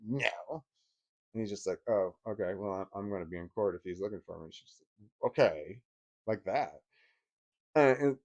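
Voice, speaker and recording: Middle-aged man, casual storytelling, rambling, restarts, short laughs, mid-pitched, rises when worked up. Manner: gets louder and higher as he gets worked up. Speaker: vlogger.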